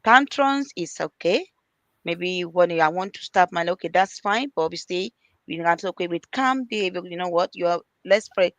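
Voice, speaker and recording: A woman's voice: fairly low pitch, expressive, normal speed, fairly bright tone, no room sound. A middle-aged woman, an early years practitioner, earnestly giving parenting advice as a panel guest and acting out talks with children. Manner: earnest, repeats key points, acts out dialogues with children.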